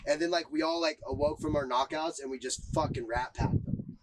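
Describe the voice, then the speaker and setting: A man's voice: on the high side, fairly even intonation, a little fast, heavy background noise. A young man, a podcast guest, telling stories in a casual, rambling way, full of swearing and filler words. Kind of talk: casual storytelling.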